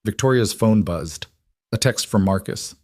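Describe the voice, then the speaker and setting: A man reading a scripted story in an even, measured narration. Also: lowish voice, no echo, clean studio sound.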